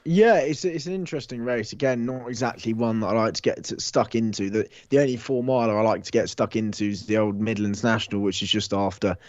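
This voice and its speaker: A man co-hosting a horse racing preview, working quickly through each horse's form. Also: fairly low pitch, darkish tone, dry recording, highs cut off. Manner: fast, form-heavy analysis with restarts. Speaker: racing tipster co-host. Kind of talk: casual racing preview chat.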